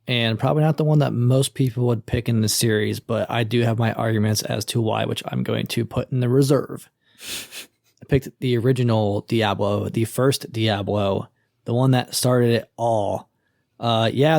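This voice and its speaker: A man's voice: medium pitch, vocal fry, a little mellow, no room sound, studio quality. A man co-hosting a podcast in casual chat, playful and ready to argue his picks. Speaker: podcast co-host.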